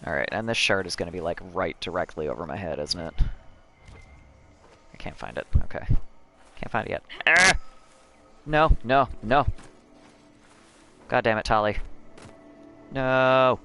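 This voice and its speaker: Young american guy streaming a game, lowish voice, keeps cursing at the jumps and talking to chat. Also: lively intonation, brisk, creaky, pauses often, a bit bright. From United States. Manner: frustrated, swearing, chatting with viewers. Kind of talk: casual gameplay commentary.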